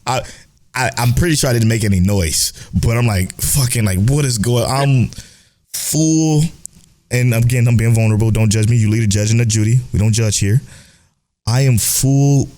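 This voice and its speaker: A man's voice: medium pitch, moderate pace, a little mellow. A young man co-hosting an anime podcast, chatting casually and animatedly, swearing and joking a lot. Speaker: podcast co-host.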